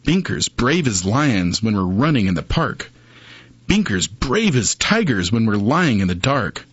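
Man reading a storybook, sing-song, lively pitch, slow, husky, dry dull sound. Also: dry recording. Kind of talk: reading children's stories and poems aloud. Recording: dull muffled recording.

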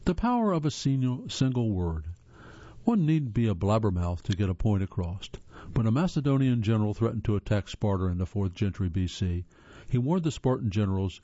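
A man's voice: on the low side, very animated, brisk, warm tone, dry recording, lo-fi sound. A man reading a scripted trivia narration in a wry, playful way, tripping over words now and then.

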